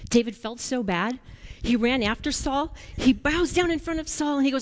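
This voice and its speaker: A woman leading a children's sermon, telling a Bible story in a playful, animated way and asking the children questions. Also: sits high, moderate pace, long reverb tail.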